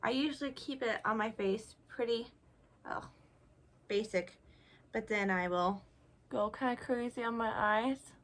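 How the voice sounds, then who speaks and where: Her voice sits a little high with a fairly bright tone, and she takes her time, leaving long pauses. The young woman is a beauty vlogger casually chatting through a makeup tutorial, applying products and making fun of herself along the way.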